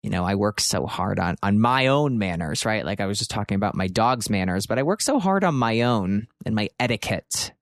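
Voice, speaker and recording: A man from Pennsylvania, likely in his thirties, hosting a podcast and telling a story in an animated way, with sudden jumps into exaggerated quotes. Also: lowish voice, fairly quick, hardly any pauses, no echo, clean studio sound. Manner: expressive, swearing, jumps into shouted quotes. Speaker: podcast host.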